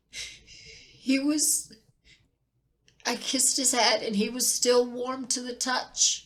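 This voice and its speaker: A woman's voice: high-pitched, fairly even intonation, a bit bright. Tearful woman recounting a loss. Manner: halting, emotional, pauses and repeats. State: near tears. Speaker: vlogger sharing personal loss. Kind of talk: tearful personal account.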